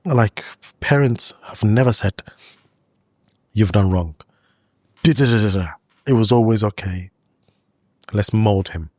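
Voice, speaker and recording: A man's voice: lowish voice, measured pace, pauses often, darkish tone, dry recording, clean studio sound. A man speaking as a guest in a podcast interview, telling a personal story in a loose, chatty way full of "like" and "you know".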